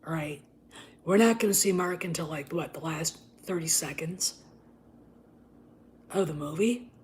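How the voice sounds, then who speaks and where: A woman host ranting in casual commentary, profane and emphatic, often dropping into a harsh whisper before surging back loud. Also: sits low, measured pace, slight background noise. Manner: profane, emphatic, repeats itself; drops to an unvoiced whisper and back.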